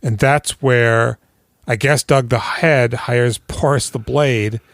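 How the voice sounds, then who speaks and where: A man's voice: medium pitch, slow pace, vocal fry, no room sound. A man co-hosting a casual podcast, retelling a film scene by scene with lots of swearing and acting out the characters. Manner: animated, swearing, acts out characters in big voices. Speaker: podcast co-host. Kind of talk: casual chat recapping a film.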